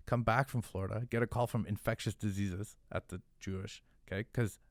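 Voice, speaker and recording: A young man telling a story in casual podcast talk, animated and profane, with lots of fillers. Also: lowish voice, brisk, dry recording. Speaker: podcast guest, hot sauce founder.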